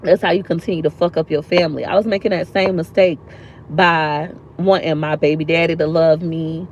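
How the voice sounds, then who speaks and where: A woman's voice: low-pitched, steady tone, fairly quick, darkish tone, muffled recording, slight background noise. A woman vlogger sitting in a park outdoors, talking earnestly and from the heart, repeating lines for emphasis. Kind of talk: emotional motivational vlog talk.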